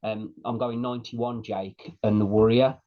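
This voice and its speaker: A man's voice: on the low side, steady tone, normal speed, narrow, tinny audio. A man in his late thirties co-hosting a podcast, chatting casually and telling stories with animation. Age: late 30s. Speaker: podcast co-host. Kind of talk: casual chat.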